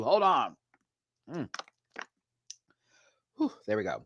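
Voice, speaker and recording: A man giving a sassy, animated live video review of a drag competition show, laughing often as he talks. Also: fairly high pitch, a little slow, pauses often, no echo, clean studio sound.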